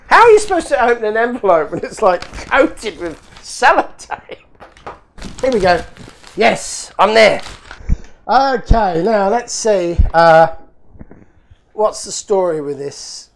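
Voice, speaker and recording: A man hosting a toy car channel, chatting casually and excitedly as he opens fan mail, laughing often. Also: high-pitched, takes it slowly, pauses often. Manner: excitable, laughs often, talks to himself while opening parcels. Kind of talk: casual unboxing commentary.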